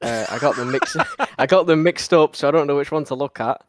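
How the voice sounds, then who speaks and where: A man's voice: on the high side, a little fast, a little hiss or hum. A man being interviewed about his rally run, easygoing and a little hesitant. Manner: easygoing, laughs softly, hesitant. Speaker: driver interviewed on stream. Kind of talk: casual interview.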